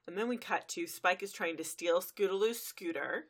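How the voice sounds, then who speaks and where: Lady podcaster rambling thru a plot recap, lowish voice, lots of uhs. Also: normal speed. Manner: recaps plot in long run-on narration with fillers. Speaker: podcast co-host recapping an episode. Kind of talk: casual chat.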